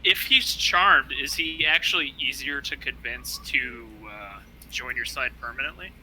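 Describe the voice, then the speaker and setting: A man's voice: medium pitch, a little slow, pushed and bright, a little hiss or hum, rough recording. A man chatting casually as a player, asking questions hesitantly. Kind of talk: casual tabletop game chat.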